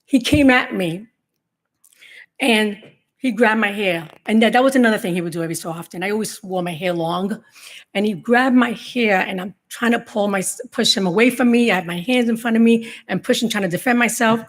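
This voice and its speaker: A middle-aged woman telling her own story to a room of law enforcement, in a halting, emotional testimony full of restarts. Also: mid-range voice. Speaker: survivor giving a talk to law enforcement. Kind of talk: personal testimony speech.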